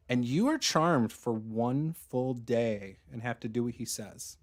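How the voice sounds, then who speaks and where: A man's voice: medium pitch, animated, takes it slowly. A man narrating and explaining rules as the game master of a tabletop game.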